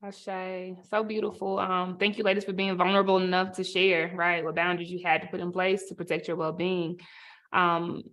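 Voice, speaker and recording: A woman moderating a panel over a video call, unhurried with frequent fillers. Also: on the low side, little pitch movement, fairly bright tone.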